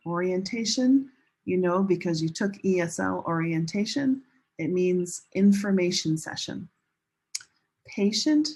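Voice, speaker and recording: A woman teaching English as a second language in a recorded online lesson, modeling pronunciation slowly and carefully and repeating words for learners. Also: lowish voice, darkish tone, slightly rough, rough recording. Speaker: ESL teacher.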